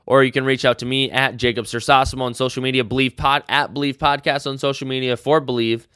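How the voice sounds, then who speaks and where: A man hosts his own sports podcast and rants with real passion. His voice is smooth and clear, and the sound is close and dry. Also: mid-range voice, flat delivery, fast talker, a bit bright, no echo. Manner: passionate, fired-up rant. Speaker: podcast host. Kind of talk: solo sports podcast rant.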